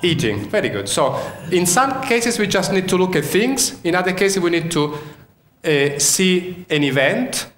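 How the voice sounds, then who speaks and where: A man's voice: high voice, sing-song, measured pace, a bit bright, a little hiss or hum. A man from Sicily with an Italian accent giving an interactive keynote lecture, quizzing the audience and often restarting his sentences. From Sicily, Italy. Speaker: university lecturer. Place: lecture hall. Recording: echoey lecture hall.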